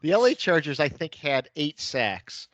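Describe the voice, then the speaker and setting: A man co-hosting a casual sports podcast, measured and giving his predictions with small laughs. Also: on the high side, big pitch swings, no echo. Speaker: podcast co-host. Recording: muffled lo-fi mic.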